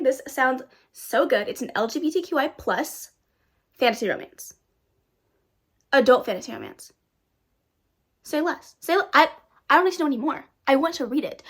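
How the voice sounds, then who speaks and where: A young woman, chatting casually and excitedly to her viewers about books she plans to read. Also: fairly high pitch. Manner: bubbly, self-hyping, talks to viewers directly. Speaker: booktuber. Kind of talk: casual chat.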